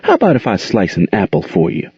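A man's voice: low voice, huge pitch swings, fast, darkish tone, slightly rough, dry recording, exaggerated voice. A man voicing an older aunt, folksy, firm and protective, in a dull muffled recording. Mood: tender. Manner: folksy, scolding then tender. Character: warm firm older aunt raising kids.

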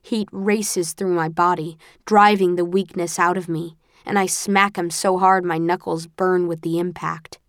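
A woman narrating a first-person audiobook with a tense, expressive storytelling manner. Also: lowish voice, measured pace, few pauses, no room sound, studio quality.

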